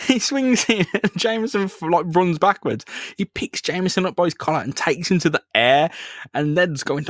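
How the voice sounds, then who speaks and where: A man's voice: high-pitched, expressive, moderate pace, fairly bright tone, no echo, clean studio sound. Laughing man retelling a comic. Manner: laughing often, acting out characters in bursts. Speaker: podcast co-host. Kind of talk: casual comic chat.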